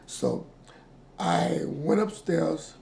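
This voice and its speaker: A man in his sixties being interviewed, telling a painful family story with quoted dialogue and halting repeats. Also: on the high side, gravelly, a little mellow. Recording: echoey room with faint noise.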